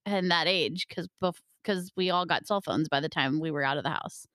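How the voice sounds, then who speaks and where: A woman's voice: deep voice, moderate pace, fairly bright tone, no room sound, studio quality. A young woman co-hosting a podcast, chatting casually, teasing and insistent, often laughing. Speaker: podcast co-host. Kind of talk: casual chat.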